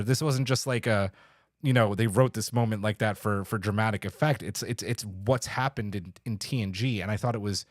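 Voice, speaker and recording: A man's voice: on the low side, no room sound, clean studio sound. A man co-hosting a podcast, chatting casually and enthusiastically, swearing now and then and reading out listener comments. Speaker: podcast co-host. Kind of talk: casual review chat.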